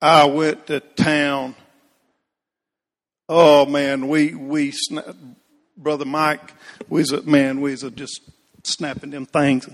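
A man's voice: a little high, flat delivery, takes it slowly, pauses often, in a large hall. A man preaching a folksy storytelling sermon, calling out congregation members by name. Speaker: Baptist pastor.

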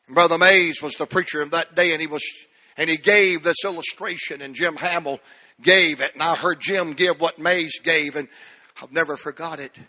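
A middle-aged man preaching a fervent sermon, swinging between shouted lines and hushed ones. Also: fairly high pitch, fairly even intonation, normal speed. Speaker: pastor.

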